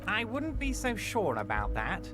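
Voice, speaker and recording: A slick game boss who keeps saying it's all fine, high and bouncy, music behind. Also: male voice, wildly swooping pitch, measured pace, exaggerated voice. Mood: mocking concern. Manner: oily and falsely reassuring. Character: smooth, jovial scheming union boss. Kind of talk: game voice acting.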